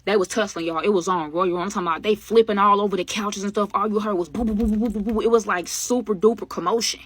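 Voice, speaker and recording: A woman telling a storytime vlog in a casual, animated, slangy way, speaking straight to her viewers. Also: mid-range voice, quick pace, husky. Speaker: storytime vlogger.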